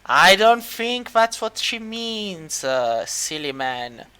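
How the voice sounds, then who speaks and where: A man voicing a calm, enigmatic female sphinx in a tabletop game, speaking slowly and low. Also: clean tone, full character voice. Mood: aloof.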